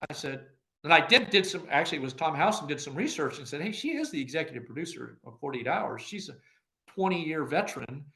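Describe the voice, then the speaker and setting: A man's voice: on the high side, brisk. An older man, a former agency director, telling anecdotes in an interview and acting out the dialogue he quotes, with frequent laughter. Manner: animated storyteller who acts out quoted dialogue, laughing often.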